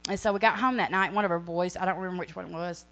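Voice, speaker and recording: A woman's voice: lowish voice, fairly even intonation, very fast, fairly bright tone. Earnest woman telling a testimony. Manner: earnest, rambling, self-correcting storytelling. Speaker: ministry speaker. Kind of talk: testimony sharing.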